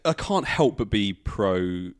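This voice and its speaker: A man's voice: fairly low pitch, very animated, slow pace. A young man chatting casually as a podcast guest, laid-back and swearing freely. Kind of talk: casual chat.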